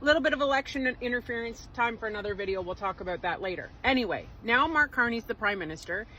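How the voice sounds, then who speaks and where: A woman's voice: a little high, lively intonation, quick pace, pushed and bright, slight background noise, low-quality recording. A woman, giving emphatic, sarcastic political commentary in a vlog. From Canada.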